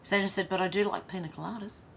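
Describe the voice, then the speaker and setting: A woman's voice: mid-range voice, fairly even intonation, quick pace, gravelly, a bit bright, a little hiss or hum. An Australian woman hosting a casual livestream, reading viewer comments aloud and chatting with frequent laughs. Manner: chatty, reads chat messages aloud, laughs often. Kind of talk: casual chat.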